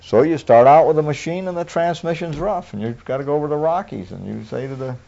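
A man preaches in a homespun, folksy sermon, chuckling often between points. His pitch swings up and down with lively emphasis. The recording sounds dull and lo-fi. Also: quick pace, vocal fry. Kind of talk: conversational sermon.

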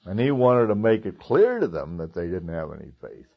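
A man's voice: sits low, big pitch swings, normal speed. A man preaching a conversational sermon, chuckling now and then, with many "uh"s and restarts. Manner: conversational, with chuckles and filler words. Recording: dull lo-fi recording.

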